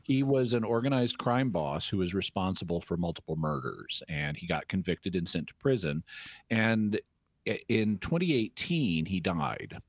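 A man with a very deep voice fields listener questions on a call-in radio show, explaining in a measured, teacherly manner and occasionally restarting a sentence. His intonation is lively, and the recording sounds dry and close.

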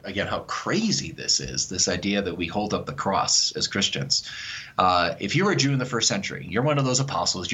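A man speaking as a guest author on a call-in radio interview, earnest and animated, often repeating words as he thinks aloud. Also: medium pitch.

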